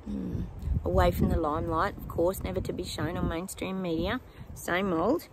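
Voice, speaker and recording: A woman's voice: on the low side, fairly even intonation, moderate pace, noisy background. A woman giving psychic predictions to her viewers in a casual, chatty way, with many ums and apologetic asides.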